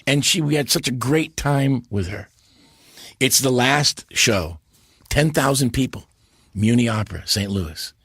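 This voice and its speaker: A man, a podcast guest, telling stories in a lively, animated way and slipping into character voices. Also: medium pitch, a little slow, husky, no echo, studio quality. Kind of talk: casual interview storytelling.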